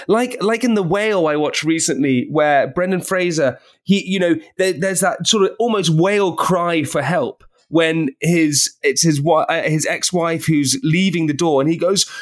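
A man in his thirties from England, a podcast guest chatting casually and telling excitable, animated stories with bursts of laughter. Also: fairly high pitch, moderate pace, few pauses. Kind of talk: casual chat.

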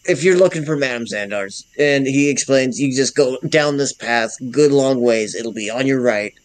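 A man playing a tabletop role-playing game, animated and rambling as he describes his character's actions. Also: medium pitch, normal speed. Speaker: player.

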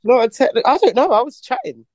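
A woman's voice: high-pitched, sing-song, fast, darkish tone, dry recording. A woman in her late twenties co-hosting a podcast over a video call, playful and teasing, laughing often. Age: late 20s. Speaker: podcast co-host. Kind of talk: casual chat.

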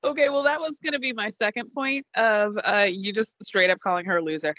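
A woman in her thirties co-hosting a casual chat, relaxed and quick to laugh, often restarting her sentences. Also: medium pitch, no room sound. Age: 30s. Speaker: podcast co-host. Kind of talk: casual chat about reality TV.

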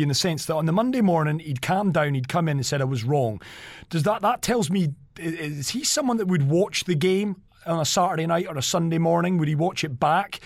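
A man's voice: fairly high pitch, darkish tone, dry recording, studio quality. A man co-hosting a podcast, steering the talk with curious follow-up questions for his guest. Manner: inquisitive, leads the questions. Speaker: podcast co-host. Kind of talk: interview questions.

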